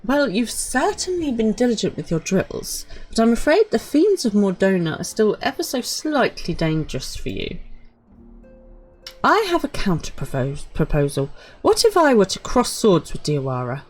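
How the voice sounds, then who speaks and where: A woman's voice: mid-range voice, big pitch swings, moderate pace, a little mellow, breathy edge, voice pushed up, poor audio. A woman voicing an earnest young male knight trainee in a put-on American accent, with formal, chivalrous phrasing.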